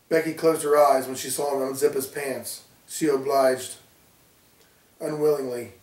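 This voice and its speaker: A man reading his own horror story aloud with a steady storytelling delivery. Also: on the high side. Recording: roomy, distant from mic.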